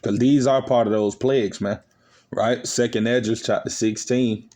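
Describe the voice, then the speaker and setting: A man's voice: medium pitch, steady tone, moderate pace, darkish tone. A man preaching a scolding sermon to his listeners. He reads scripture aloud and ends his phrases with "man" and "you see.". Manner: lecturing, accusatory tone toward listeners. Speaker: online preacher.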